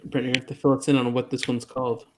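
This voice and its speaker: A man's voice: medium pitch, little pitch movement, fast talker, noisy background. A man playing a tabletop game, making wry, matter-of-fact remarks in casual chat.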